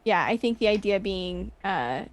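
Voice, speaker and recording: A woman's voice: medium pitch, expressive, normal speed. A woman playing a tabletop game, explaining the team's plan step by step. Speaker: player.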